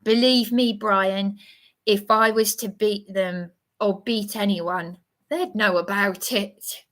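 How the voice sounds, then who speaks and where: Agitated middle-aged woman from England on a livestream, slow and rambling with many restarts. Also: medium pitch, fairly even intonation, fairly bright tone. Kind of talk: emotional livestream monologue.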